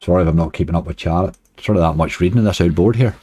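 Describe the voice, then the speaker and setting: A Northern Irish man streams casino games live, chatting away to his viewers and grumbling at the near misses. His voice sits low and mellow, with a dry, close sound. Faint game music plays behind him. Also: rapid-fire, slightly rough, no echo. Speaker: slots streamer.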